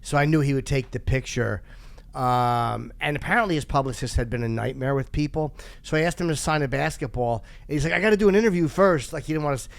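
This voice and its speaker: A man's voice: mid-range voice, fairly quick, vocal fry. A man hosting a podcast, telling rambling, self-deprecating stories in casual chat and laughing often. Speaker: podcast host.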